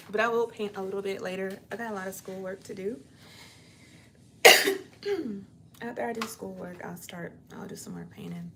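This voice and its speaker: A woman's voice: medium pitch, animated, normal speed, background noise. A young woman chatting on a casual livestream from her apartment, rambling and laid-back, sounding tired. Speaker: livestream host.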